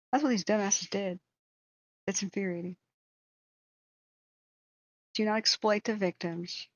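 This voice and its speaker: A woman's voice: medium pitch, fairly even intonation, a little slow, long pauses, no room sound, lo-fi sound. A woman who hosts a wildfire tracking channel, giving a blunt, heated commentary rant with swearing.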